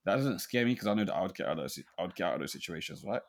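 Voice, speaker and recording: Low-voiced man, casual podcast chat. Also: animated, racing, gravelly. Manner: stammering restarts, frequent "right?" tags. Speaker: podcast co-host.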